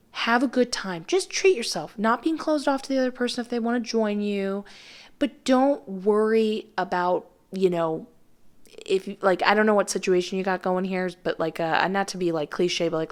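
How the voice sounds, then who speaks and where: A woman giving a pick-a-card tarot reading in a chatty, reassuring way with many fillers. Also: medium pitch. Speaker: tarot reader.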